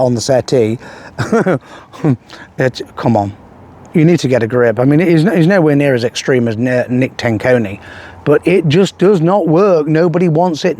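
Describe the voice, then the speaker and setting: An older man from England ranting through a political monologue, aggressive, profane and threatening, with halting restarts. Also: mid-range voice, darkish tone. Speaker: political commentator.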